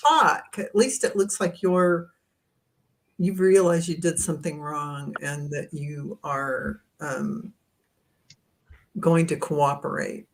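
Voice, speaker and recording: A woman's voice: low-pitched, slow, slight background noise. A woman co-hosting a casual chat, chiming in with her own commentary on the news. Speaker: co-host.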